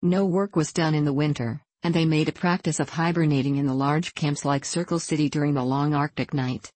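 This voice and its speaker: A woman narrating an audiobook in a steady, measured reading voice. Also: low voice, no echo. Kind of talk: scripted narration.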